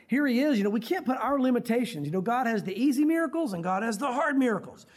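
A man's voice: extremely high pitch, lively intonation, fast. A male pastor delivering a sermon in a loose, conversational way. He talks to the congregation like old friends and slips into dramatic prayer voices to make his points.

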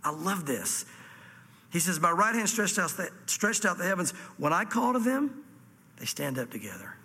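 A man preaching an expository sermon, animated, reading scripture dramatically and dropping to hushed asides. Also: sits high, normal speed, big-room sound. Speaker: pastor.

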